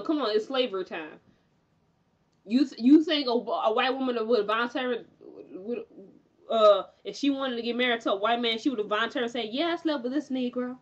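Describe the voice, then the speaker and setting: A young woman recapping a TV episode in a chatty, animated way, with lots of fillers and frequent laughter. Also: fairly high pitch, muffled recording. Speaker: TV recap reviewer.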